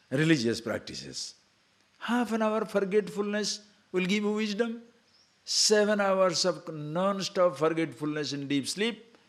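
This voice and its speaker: An older male spiritual teacher giving a discourse. He talks in a loose, conversational way, with teasing asides and little acted-out quotes. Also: a little high. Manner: conversational, mocking asides, acts out quoted voices.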